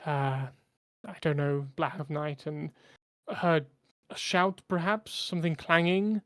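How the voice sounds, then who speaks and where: A man doing a shaken middle-aged innkeeper in a tabletop game, who talks in heavy, hesitant phrases. The voice is a little high, gravelly and smooth, on a dry close mic. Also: steady tone, a bit bright, no room sound. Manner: heavy, halting, hesitant speech.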